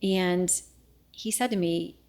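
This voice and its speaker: A middle-aged woman recounts a personal ordeal as an interview guest, earnest and often falling to a near-whisper when she replays a conversation. Her voice sits a little low, with a gravelly fry. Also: slow. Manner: earnest, reenacts dialogue, often drops to a hushed voice. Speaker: news anchor and guest. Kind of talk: emotional personal storytelling in interview.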